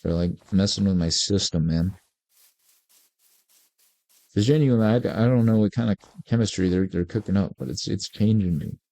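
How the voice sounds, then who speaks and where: A man's voice: lowish voice, normal speed, creaky, pauses often, mellow, no echo. A man in his forties giving casual, rambling gameplay commentary with laid-back, self-mocking asides. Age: 40s. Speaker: gaming video creator.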